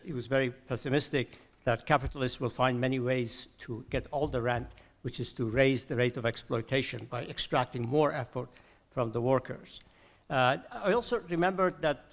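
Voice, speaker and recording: An older man from Iran giving a conference talk, hesitant with many filler sounds and restarts. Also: mid-range voice. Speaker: conference discussant.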